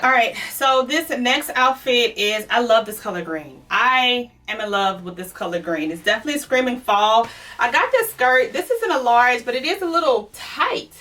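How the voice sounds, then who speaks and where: During a casual try-on haul, a Louisiana woman vlogging about fashion speaks straight to her audience, calling them "y'all" while out of breath. Her slightly high voice is bright and forceful, and she sounds far from the mic.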